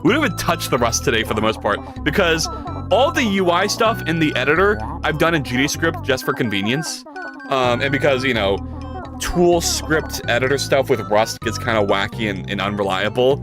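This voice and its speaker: A man's voice: very animated, moderate pace, music in the background. A man live-streaming his coding work, chatting casually, rambling, swearing and joking with chat. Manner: profane, rambling and jokey, with big pitch swings.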